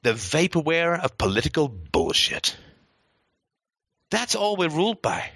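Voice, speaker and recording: A man's voice: fairly high pitch, wildly swooping pitch, unhurried, a bit bright, husky, dry recording. A male host of a philosophy show, delivering an impassioned monologue with a profane, sarcastic ranting manner.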